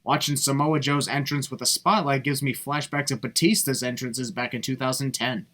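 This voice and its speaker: A man's voice: medium pitch, steady tone, normal speed, loud music behind the voice, a loud crowd. A man giving sarcastic voice-over commentary, blunt and mocking, swearing freely. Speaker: video commentator.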